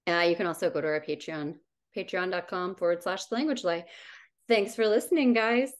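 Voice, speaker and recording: Woman, lower voice, podcast co-host, casual chat, playful, laughs a lot. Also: fairly quick.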